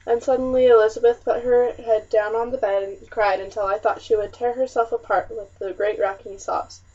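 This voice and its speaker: A woman narrating a historical novel in the first person with a measured, expressive reading, on a muffled, slightly distant recording. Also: fairly high pitch. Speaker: audiobook narrator.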